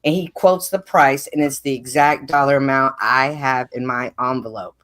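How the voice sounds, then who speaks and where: A woman's voice: extremely low pitch, steady tone, moderate pace, fairly bright tone. A woman speaking earnestly on a live stream, telling a personal faith story in casual conversation.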